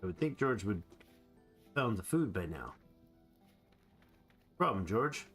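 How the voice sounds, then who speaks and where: Playful man narrating a game, lively pitch. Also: takes it slowly, soft background music. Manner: playful, rambling, talks to animals in game. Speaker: gamer. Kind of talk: let's play commentary.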